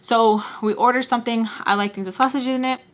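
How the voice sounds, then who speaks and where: A woman telling a casual storytime rant as a beauty vlogger. She talks in a chatty, animated way, fills her speech with "like", and acts out what people said. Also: fairly high pitch, fairly quick. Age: adult with a son and husband. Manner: chatty and animated, heavy use of "like", mimics people in quotes.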